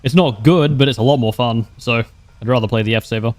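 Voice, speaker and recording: A man's voice: medium pitch, brisk, a little mellow, no echo. A young man livestreaming a game, chatting casually with wry humor, laughing often and answering viewers' questions. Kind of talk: casual gameplay commentary.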